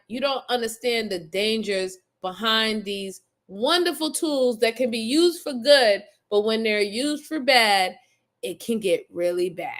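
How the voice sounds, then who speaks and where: Her voice is a little high and a bit bright as she reacts to crime videos on her show. Chatting casually with viewers, she's blunt and exasperated, often cursing and laughing.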